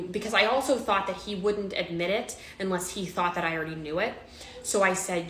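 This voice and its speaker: A woman's voice: mid-range voice, a little fast, a bit bright. Emotional woman, echoey storytime. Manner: emotional, repetitive retelling with restarts. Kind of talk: personal storytime vlog.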